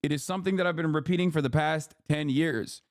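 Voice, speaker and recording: A man's voice: on the high side, fast talker, no room sound, clean studio sound. A man streaming live, giving heated political commentary, swearing a lot and stopping often to ask "okay?". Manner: profane, ranting, emphatic; repeats words and says "okay?" often.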